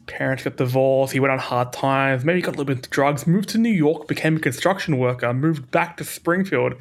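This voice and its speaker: A man hosting a podcast, chatting casually in a jokey, rambling way with quick bursts. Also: a little high, gravelly, husky. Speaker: podcast host.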